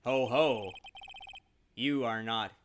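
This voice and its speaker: A man playing a suave, slow-talking assassin. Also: mid-range voice, slight background noise, natural voice. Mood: menacing. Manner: slow, theatrical villain delivery. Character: suave sinister male assassin, menacing.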